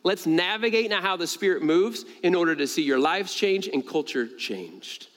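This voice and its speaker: A man preaching a sermon to his congregation, animated, jumping higher in pitch to stress a point and laughing between stories. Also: moderate pace. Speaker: pastor. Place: church sanctuary. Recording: long reverb of a large church hall.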